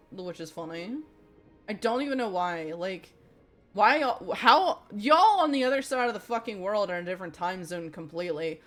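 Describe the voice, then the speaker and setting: Cursing woman streamer chatting over game music. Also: fairly low pitch. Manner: swears freely, reacts loudly to the game. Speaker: livestreamer. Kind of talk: casual game livestream, reading chat. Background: faint game music.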